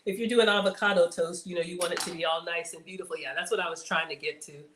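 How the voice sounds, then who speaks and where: A woman's voice: on the low side, steady tone, fast, echoey room, noisy background. A woman hosting a casual cooking livestream, chatting to viewers as she works. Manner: chatty, addresses viewers as y'all; playful outbursts and sing-song bits.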